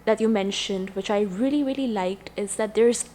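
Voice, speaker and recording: A woman's voice: mid-range voice, moderate pace, mellow. Woman podcast host, emphatic, slightly noisy track. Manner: encouraging, emphatic, often adds "right?". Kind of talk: interview questions and reflection.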